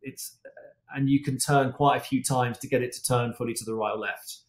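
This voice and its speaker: Recorded in an echoey room, the guest, a man who drives stunts and races, swaps casual anecdotes on a podcast. His medium-pitched voice stays steady and brisk, though his chatter is peppered with fillers and restarts.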